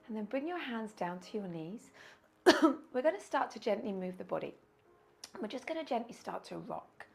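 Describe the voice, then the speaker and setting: A woman teaching a yoga class over a video call, guiding slow breathing in a soothing way with audible sighs. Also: medium pitch, gravelly, darkish tone, a little hiss or hum. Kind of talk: guided yoga class instruction. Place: indoors, windy weather outside.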